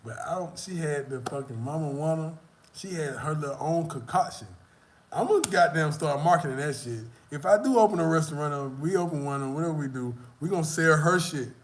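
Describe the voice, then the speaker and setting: A man's voice: a little high, expressive, fairly quick, a little hiss or hum. A young man chatting on a live stream, telling a rambling, profane story in a loose, casual way. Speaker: vlogger answering live chat.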